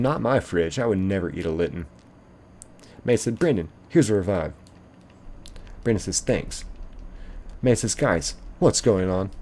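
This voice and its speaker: A man's voice: lowish voice, a little mellow. A young man, live-streaming a game and playfully reading viewer chat aloud, laughing often.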